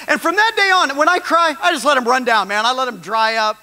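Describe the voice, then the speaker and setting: A male pastor preaching with a high voice and a bright, forceful edge. He builds his points with emphasis until they break into shouts. His voice carries a long reverb from a large hall. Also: brisk. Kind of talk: sermon. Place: church hall.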